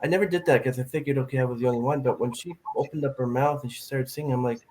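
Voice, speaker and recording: A man hosting a podcast in casual chat, telling stories with lively, acted-out quotes. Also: medium pitch, very fast, low-quality recording. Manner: animated storyteller, acts out quotes. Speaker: podcast host.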